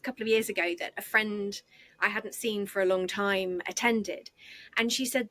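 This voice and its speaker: A middle-aged woman, telling stories in an animated, chatty way with easy laughs as a podcast guest. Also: medium pitch, moderate pace, no echo. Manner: chatty, animated, acts out voices, laughs easily. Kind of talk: conversational storytelling.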